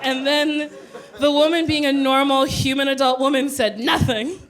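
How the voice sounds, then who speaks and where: A woman comedian telling a stand-up story with animated, loud acted-out quotes. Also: high-pitched, normal speed, a faint crowd.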